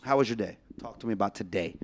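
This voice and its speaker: A man's voice: lowish voice, fast talker. A man hosting a podcast in casual chat, telling stories with frequent laughs and plenty of swearing. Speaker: podcast host.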